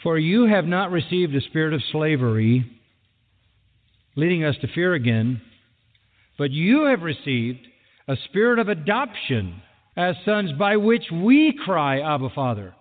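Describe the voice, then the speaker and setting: A male pastor delivers a sermon in a slow, deliberate cadence, pressing each point with repetition. His voice sits a bit high for a man. The sound is thin and phone-like, ringing with the long reverb of a large hall. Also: big pitch swings. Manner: emphatic preaching with repeated phrases.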